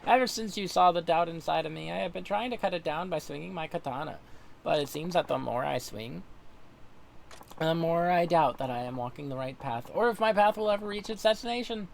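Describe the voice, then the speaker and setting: A man's voice: a little fast, gravelly, slight background noise. A man voicing an earnest young foreign samurai in a formal, solemn manner, read aloud from a game. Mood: troubled. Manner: formal, solemn, high and strained.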